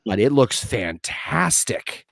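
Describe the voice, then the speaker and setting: A man co-hosting a casual podcast chat with friends, relaxed and swearing freely, laughing often while playing cards. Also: medium pitch, slow pace, gravelly, dry recording, studio quality. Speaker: podcast co-host.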